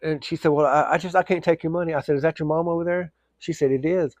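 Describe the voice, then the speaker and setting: A man's voice: a little high, steady tone, fast talker, a little mellow, dry recording. A man telling a casual, rambling story, full of fillers and restarts.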